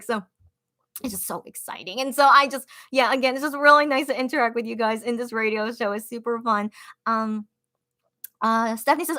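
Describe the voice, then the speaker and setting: A young woman hosting a casual livestream, reading viewer comments aloud in a chatty, upbeat way with lots of fillers and sudden high excited bursts. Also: normal speed. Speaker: livestream radio-style host.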